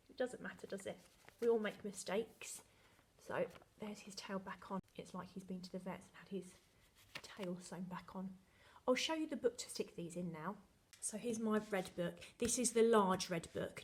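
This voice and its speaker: A woman, a primary school teacher recording a lesson video for young children, talking in a cheerful, sing-song, slow way. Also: mid-range voice, a little hiss or hum. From England.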